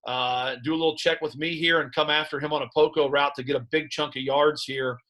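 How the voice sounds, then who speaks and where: A man who coaches high school football, breaking down game film in conversation and telling animated stories about his players and staff. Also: a little fast. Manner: animated storyteller recounting sideline moments; plain coaching talk about play calls.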